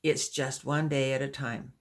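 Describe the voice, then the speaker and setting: A woman's voice: very deep voice, level tone, normal speed. A woman reading the part of a patient male wagon teamster who instructs pioneer women, in an audiobook. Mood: reassuring. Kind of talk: audiobook dialogue.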